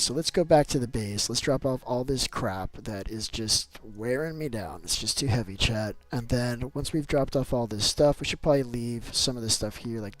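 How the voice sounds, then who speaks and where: A man's voice: mid-range voice, low-quality recording. Rambling, opinionated male game streamer. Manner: rambling and opinionated, often going on rants; loose and chatty, many "like" fillers. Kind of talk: casual live gameplay chat.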